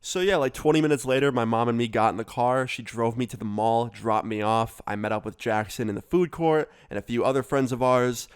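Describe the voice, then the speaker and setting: A man's voice: mid-range voice, a little fast, hardly any pauses, smooth. Casual, profane storytelling man. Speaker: storyteller vlogger. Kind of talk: storytime vlog.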